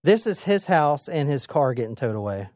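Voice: mid-range voice, normal speed, no room sound, studio quality. A podcast co-host retelling a true crime case in a casual, dramatic way, with frequent swearing. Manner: animated, profane, dramatic retelling.

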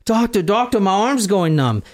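A man's voice: high-pitched, big pitch swings, moderate pace, voice pushed up. A frightened male fugitive stammers and pleads with a faint put-on foreign accent, as a man acts him out. His voice sits slightly above an ordinary man's speaking voice. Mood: pleading. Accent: faint put-on accent, slightly Swedish-sounding. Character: desperate frightened male fugitive, middle-aged.

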